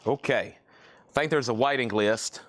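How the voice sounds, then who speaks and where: Male live-sale host, mid-pitched, loose and chatty, repeats lots and bids. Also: moderate pace, a bit bright. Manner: repeats item names and bids, casual and rambling. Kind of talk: live-stream auction selling.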